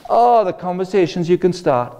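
A man giving an energetic, jokey sermon-style talk at an event. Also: high voice, moderate pace, smooth. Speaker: speaker.

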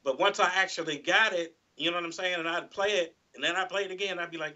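A man's voice: sits high, fast, bright, forceful tone, muffled recording. A man, a guest guitarist, chatting casually in an interview, rambling and full of "you know"s and restarts.

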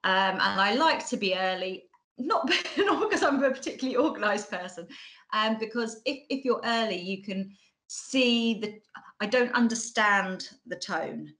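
A woman's voice: on the high side, expressive, normal speed, a bit bright, low-quality recording. A woman in her forties with a Bracknell Mockney-style accent, giving a chatty conference talk online with many ums and restarts, over a computer mic. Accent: Bracknell, Mockney-like estuary. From England. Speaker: conference speaker.

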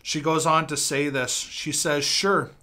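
A man's voice: fairly high pitch, little pitch movement, a little slow, sharp tone. A man speaking as a pastor in a devotional talk, earnest, reading from a book and repeating key lines for emphasis.

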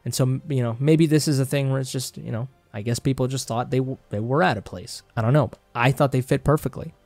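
A man's voice: medium pitch, fairly quick, a little mellow, no room sound, soft background music. A young man from Mexico with a Mexican Spanish accent, a native Spanish speaker, delivering a passionate, heated movie review monologue and swearing freely as he gets worked up. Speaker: film vlogger.

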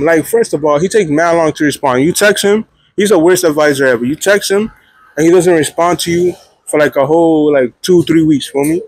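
Fast, profane New guy telling a story. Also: on the high side, no echo. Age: young adult. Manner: animated, profane, keeps checking in with 'feel me', 'right?'. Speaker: vlogger, college student. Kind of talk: casual storytelling vlog.

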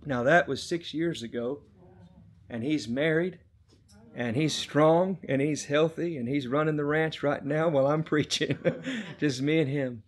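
A middle-aged male preacher gives an impassioned sermon, his fairly high voice dropping to a hush and then rising loud again. He tells his testimony with fervor to a congregation. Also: measured pace. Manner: impassioned storytelling, swings between hushed and loud.

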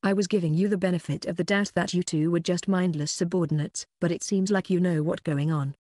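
A narrator voicing a ruthless young male chef who threatens captives in a calm, cold way. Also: medium pitch, fairly quick, dry recording, studio quality, lightly acted. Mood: menacing.

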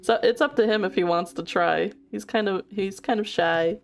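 A woman's voice: mid-range voice, normal speed, vocal fry. Giggly, foul-mouthed woman streamer. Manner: giggly, chatty, swears casually. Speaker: game streamer. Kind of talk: casual live-stream chat.

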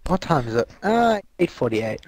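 A man's voice: a little high, sing-song, moderate pace, darkish tone, poor audio. A man with an Australian accent, swearing and joking his way through a casual gaming voice chat with friends over a headset mic. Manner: crude, swearing, joking, rambling. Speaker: gamer chatting with friends.

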